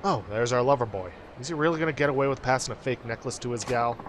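A man's voice: mid-range voice, fast, hardly any pauses, noisy background. A man hosting a let's play, making wry, joking asides about what happens on screen. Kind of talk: gameplay commentary.

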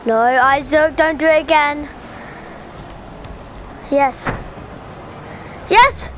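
Very high, excitable gaming commentator. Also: female voice, takes it slowly, a little hiss or hum. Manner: excitable, yelling at teammates. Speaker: gaming channel host. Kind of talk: live gameplay commentary.

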